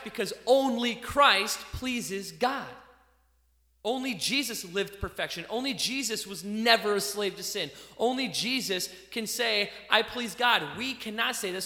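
A man delivers a sermon in a bright, high voice. He is animated, pushing some phrases out loudly and dropping others low and quiet. The sound rings around a large echoey hall. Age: adult parent. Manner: animated, swings between loud emphasis and quiet asides. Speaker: pastor.

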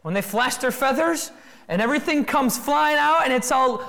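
A preacher working through a text in an expository sermon, with a voice that swings widely in pitch. The delivery leans on rapid rhetorical questions and brief acted-out quoted voices. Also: gravelly. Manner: animated, acts out quoted voices.

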